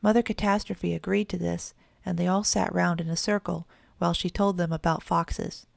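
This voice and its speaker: Woman narrator, children's audiobook, low gravelly voice, dry close mic. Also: fairly even intonation, no room sound. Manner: measured storytelling.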